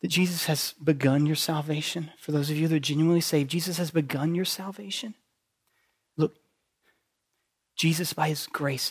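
A man preaching a sermon as pastor, conversational and full of asides, moving between hushed, near-whispered lines and loud, urgent passages. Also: on the high side, husky.

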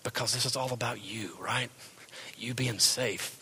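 A man's voice: medium pitch, a little slow, gravelly, pushed and bright, a little hiss or hum, full character voice. A preacher voicing a comically bad male angel who coaxes listeners toward comfort and safety. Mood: coaxing. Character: lazy comforting male angel giving cozy escape tips.

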